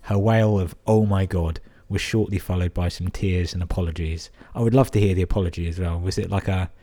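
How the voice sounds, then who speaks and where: Deep-voiced, sweary podcaster. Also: male voice, fairly even intonation, fast, mellow. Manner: crude, sweary, amused interjections. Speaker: podcast host. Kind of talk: reading listener emails with commentary.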